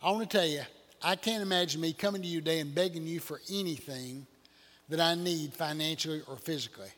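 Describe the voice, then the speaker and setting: A man's voice: fairly high pitch, quick pace, a bit bright. An older man, preaching a folksy sermon full of rhetorical questions to his congregation. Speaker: pastor. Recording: church hall reverb.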